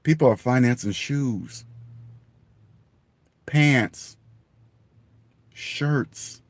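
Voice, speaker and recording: A man's voice: medium pitch, very slow, dry recording. A man giving blunt money advice straight to the camera in an emphatic, repetitive rant, swearing for emphasis and laughing at himself. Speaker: personal finance vlogger.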